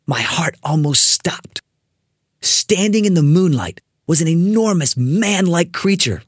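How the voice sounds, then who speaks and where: Brief: lively, husky storyteller reading a spooky kids' story, dry close mic. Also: medium pitch, a little slow, no echo. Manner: expressive, building suspense. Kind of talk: dramatic read-aloud of a spooky children's story.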